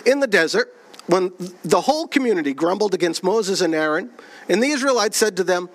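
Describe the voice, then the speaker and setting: A man preaching a sermon, reading scripture aloud, asking the congregation questions and slowing down on key phrases. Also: expressive. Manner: slows and drops low on key phrases. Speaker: pastor.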